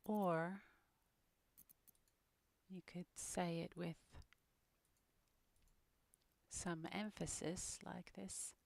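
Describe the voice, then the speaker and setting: Woman, British accent, low-ish voice, slow, muttering, half-whispered asides, streaming while working. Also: steady tone, gravelly, darkish tone, no room sound. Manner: muttering to herself, drops to whispers. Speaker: streamer making an animated game-character video. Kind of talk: casual narration while working.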